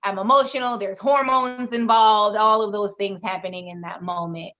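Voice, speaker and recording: A woman's voice: mid-range voice, fairly even intonation, normal speed, fairly bright tone. A woman in her thirties, candidly telling a painful personal story in a podcast chat, frank and emotional and swearing freely. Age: 30s. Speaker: podcast co-host. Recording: slightly dull lo-fi sound.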